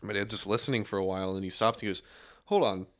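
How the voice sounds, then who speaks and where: A young man hosting a casual podcast, telling stories in a relaxed way with lots of fillers and restarts. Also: on the low side, rapid-fire.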